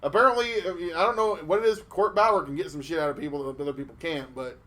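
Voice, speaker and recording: A man chatting on a podcast in a slightly high voice. He tells his stories animatedly, swearing freely and often restarting his sentences. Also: quick pace. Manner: animated storytelling with profanity and restarts. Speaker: podcast co-host. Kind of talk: casual podcast chat.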